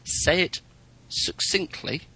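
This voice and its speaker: A man in casual chat about flying, chatty and anecdotal, getting animated in his stories. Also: takes it slowly, low-quality recording. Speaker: podcast co-host, private pilot.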